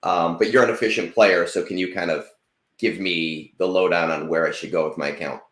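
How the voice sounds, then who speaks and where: A man's voice: low-pitched, fairly even intonation, brisk, fairly bright tone, roomy sound. A man in his late thirties hosting a casual livestream, rambling and self-deprecating, with lots of fillers. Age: 30s. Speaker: stream host.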